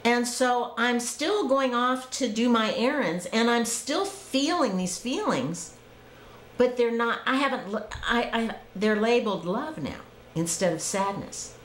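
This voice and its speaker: A woman's voice: a little high, expressive, unhurried, roomy sound, slight background noise, low-quality recording. A woman giving an earnest, reflective spiritual testimony, stressing points by repeating them. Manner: earnest, reflective, emphatic repetition. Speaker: speaker recording personal spiritual tapes. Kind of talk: personal spiritual testimony monologue.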